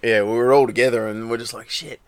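A man's voice: medium pitch, fairly even intonation, fast talker, clear, resonant tone, dry recording. A middle-aged Australian man with an Australian accent, a rally racer telling a rambling story in casual chat and acting out the dialogue. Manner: rambling, acts out quoted dialogue.

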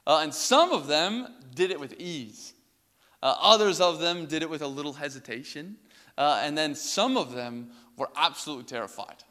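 A young male pastor tells a personal story from the pulpit in a loose, casual way, full of filler words. His voice is bright and sits a little high, and it carries a long reverb through the hall. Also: animated, moderate pace.

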